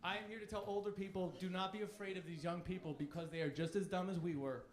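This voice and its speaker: Thirties male comic, high-pitched, provocative stand-up delivery, roomy club sound. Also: steady tone, quick pace. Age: 30s. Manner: cocky, provocative, crude. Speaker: stand-up comedian. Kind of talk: stand-up routine. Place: comedy club stage. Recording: echoey club room.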